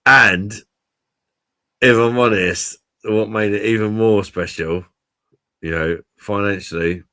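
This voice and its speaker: A man's voice: on the low side, steady tone, takes it slowly, bright, forceful tone, no room sound. A man hosting a casual live stream, chatting to viewers and swearing freely.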